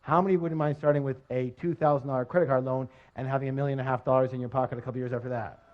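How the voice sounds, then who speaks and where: A middle-aged man giving a live motivational seminar, energetic and jokey, constantly quizzing his audience on a dull lo-fi recording. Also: medium pitch, rapid-fire.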